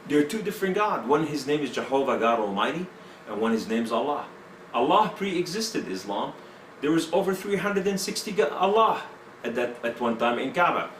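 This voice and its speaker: Very animated and a little high-pitched, this man talks at a moderate pace with a somewhat bright tone while giving his testimony in an interview. His broken English is full of fillers, and the echoey room, distant mic, and faint hiss or hum are audible.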